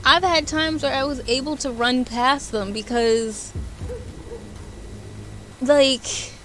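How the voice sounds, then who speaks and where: A woman's voice: high-pitched, slow. A woman streamer giving casual live commentary over a game, exasperated and talking back at the enemies on screen. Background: loud game music.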